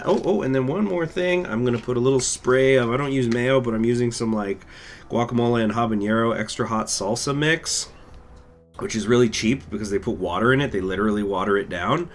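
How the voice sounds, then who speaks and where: A man hosting a gaming channel, chatting casually and rambling to his viewers in an offhand, profane way. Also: mid-range voice. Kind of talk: casual chat to live viewers.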